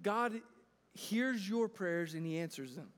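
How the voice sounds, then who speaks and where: A man's voice: high-pitched, animated, slow. A man in his thirties preaching a sermon to a church congregation, talking earnestly and conversationally, often restarting his phrases. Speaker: pastor. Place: church sanctuary. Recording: long reverb of a large hall.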